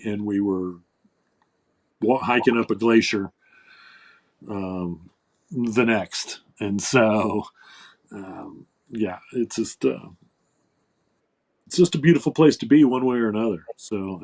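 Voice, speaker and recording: A man hosting a casual talk show, rambling with many fillers and restarts. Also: on the low side. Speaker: host.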